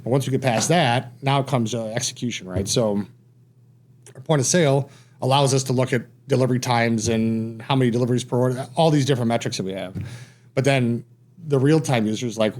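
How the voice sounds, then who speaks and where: A man's voice: mid-range voice, brisk, a little mellow. A man, a pizza franchise owner, talking casually as a podcast guest, reserved and self-deprecating, often trailing off.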